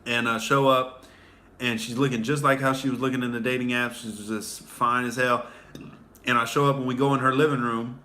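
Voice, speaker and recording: A man in his late twenties or thirties, a comedian hosting a livestream, telling crude, animated stand-up stories. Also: medium pitch. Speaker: comedian, show host. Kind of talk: loose stand-up storytelling on a livestream.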